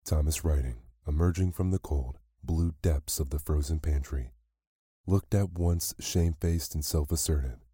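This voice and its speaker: A man reading a classic short story aloud as a bedtime storyteller, calm and measured. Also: a bass voice, husky, no room sound, studio quality.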